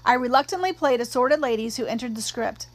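High-voiced woman reading a novel. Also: fairly quick. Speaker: audiobook narrator. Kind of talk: first-person novel reading.

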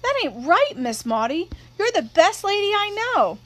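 A woman voicing a feisty, outspoken young tomboy girl in a high, indignant voice, as part of a storybook reading. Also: sing-song, moderate pace, a bit bright, exaggerated voice. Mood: earnest.

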